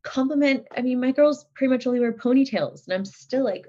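A woman's voice: high-pitched, brisk, warm tone. Chatty mother with dull lo-fi sound. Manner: chatty, laughs often, lots of fillers. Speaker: guest. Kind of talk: casual podcast chat. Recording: dull lo-fi audio.

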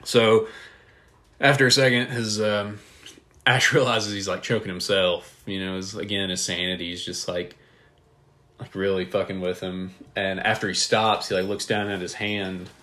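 A man's voice: lowish voice, little pitch movement, normal speed, sharp tone. A man co-hosting a casual movie podcast, chatty and laughing often as he recaps scenes. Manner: chatty, laughs often, acts out film lines. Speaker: podcast co-host.

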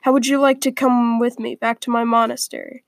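A woman reading a first-person story aloud in a quiet, earnest way, with small slips along the way. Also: on the high side, flat delivery, fairly quick, gravelly, no echo.

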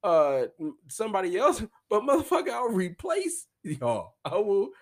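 A sassy, exasperated woman as a man puts her on who shouts cussing retorts in a high, piercing voice. She is loud and indignant, fully fed up with whoever she is talking to. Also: wildly swooping pitch, moderate pace, full character voice.

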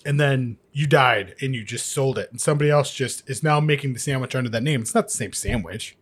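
Podcast cohost guy, mid pitch, animated storytelling, does little voices. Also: brisk, slightly rough. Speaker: podcast co-host. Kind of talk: casual group chat.

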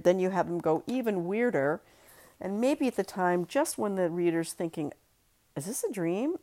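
A woman hosting a writing podcast, talking casually about fiction craft with fillers and asides. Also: deep voice. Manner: chatty, reflective, with fillers and asides. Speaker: writing teacher and podcast host.

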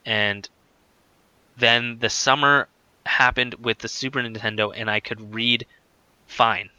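Chatty man with a bright, dry voice. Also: medium pitch, fairly even intonation, slow pace, clean tone, no room sound. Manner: rambling, filler-heavy with many "like"s. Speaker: guest telling his story. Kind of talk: casual conversational storytelling.

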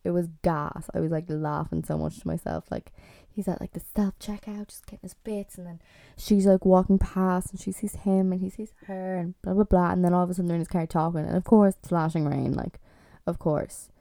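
A woman's voice: lowish voice, fairly even intonation, fairly quick, gravelly, dark tone, no echo. A young Irish woman in her twenties, chatting casually and with exasperation as a vlogger reviewing a TV series. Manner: chatty and exasperated, lots of fillers.

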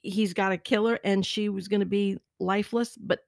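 A woman's voice: medium pitch, steady tone, normal speed, vocal fry, dry recording, studio quality. Chatty woman with frequent laughs. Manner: chatty, laughs often, acts out quotes. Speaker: podcast co-host. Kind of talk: casual chat recapping a TV show.

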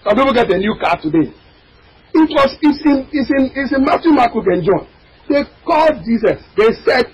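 A man preaching a sermon in a very high, strained voice that is heavily husky and raspy. His pitch swings widely as he works up to shouted, cracking cries. Between the peaks he turns to his congregation, prodding and questioning them directly. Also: big pitch swings, normal speed, rough recording. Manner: addresses and prods the congregation directly. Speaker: pastor.

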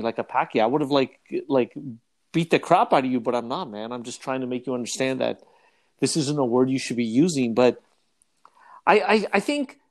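A man in casual podcast chat, joking and animated, often laughing. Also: mid-range voice. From North America.

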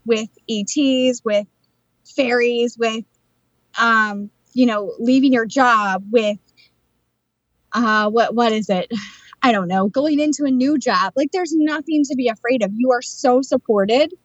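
A woman co-hosting a podcast, telling stories in a chatty, animated way about her work as a psychic and channeler. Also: fairly high pitch, no room sound, dull audio. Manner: chatty storyteller, animated retelling of conversations. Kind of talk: casual chat.

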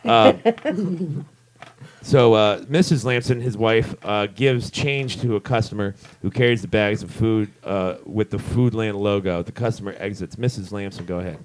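A man's voice: fairly low pitch, lively intonation, normal speed. A man narrating a script's stage directions in a casual comedic table read, with lots of fillers and little side jokes.

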